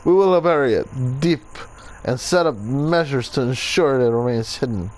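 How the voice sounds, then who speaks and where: A man's voice: medium pitch, animated, normal speed, a little mellow, a little hiss or hum, natural voice, rough recording. A man putting on a grave Italian assassin. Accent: put-on Italian. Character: solemn male Italian assassin writing a journal.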